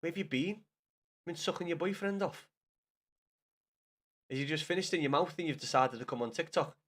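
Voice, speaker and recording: A man chats on a live stream in a fairly high voice. He rambles, swears and laughs, breaks off his sentences and calls out to viewers by name. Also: a little fast, fairly bright tone. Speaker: livestreamer. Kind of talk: casual live stream chat.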